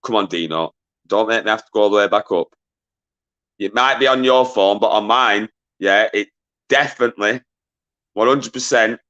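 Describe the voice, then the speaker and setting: A man hosting a live-stream quiz, bantering with chat, giving quick shout-outs, swearing casually and laughing often. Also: on the low side, dull audio. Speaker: livestream quiz host.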